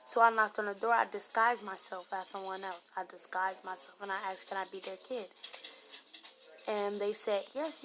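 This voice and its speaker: A woman telling a casual story about an online game in a rambling way, getting louder when she quotes other people. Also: medium pitch. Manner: rambling retelling with raised voice when quoting others.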